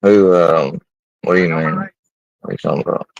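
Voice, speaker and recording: Loud gravelly man on a stream. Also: low-pitched, moderate pace, no room sound, muffled recording. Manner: loud, animated retelling. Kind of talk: casual storytelling.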